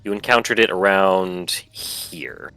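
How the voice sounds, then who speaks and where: A man's voice: sits low, slow pace, sharp tone, clear, resonant tone, soft background music. A man running a tabletop game as game master, narrating events plainly.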